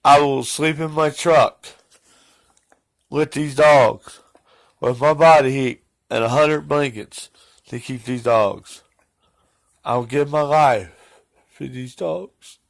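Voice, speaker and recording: A man's voice: mid-range voice, takes it slowly, vocal fry, pauses often. A man talking casually in a vlog, playful and affectionate with his dogs, calling himself their daddy. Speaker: vlogger. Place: at home.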